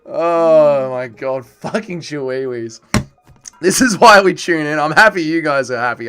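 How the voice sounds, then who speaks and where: Speaking at a measured pace in a clean tone, a livestream host reads out comments from viewers and responds casually. He lurches from loud, profane rants to quiet grumbling.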